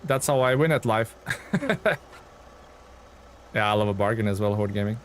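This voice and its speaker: A man streaming a game, chatting casually and excitably with his viewers. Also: lowish voice, moderate pace, slight background noise. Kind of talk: casual live-stream chat while playing.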